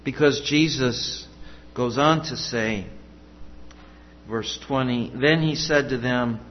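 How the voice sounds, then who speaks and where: A man's voice: medium pitch, takes it slowly, slight background noise. A man preaching a sermon in an earnest, emphatic way, repeating his key questions. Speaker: pastor. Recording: dull sound with long hall reverb.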